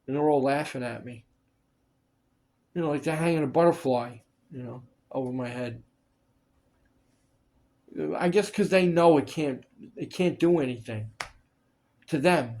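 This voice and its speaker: A man's voice: a little high, a little slow, long pauses, darkish tone. A man in casual chat, telling stories of film work, acting out the people he quotes and swearing freely. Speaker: storyteller recalling film work.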